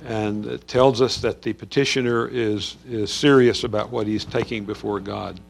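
A man's voice: on the low side, fairly even intonation, moderate pace, creaky, faint music behind. A man teaching a Bible study on a Psalm in a conversational way, with frequent fillers and restarts.

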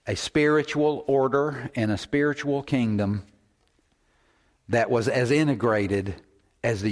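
Slow, dramatic male preacher. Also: on the low side, darkish tone. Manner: dramatic, repeats phrases, drops to a whisper for emphasis. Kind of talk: sermon.

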